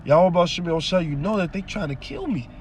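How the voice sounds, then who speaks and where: A man's voice: sits high, quick pace, slight background noise. Emphatic man preaching scripture. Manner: reads verses aloud then breaks them down, emphatic. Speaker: scripture teacher.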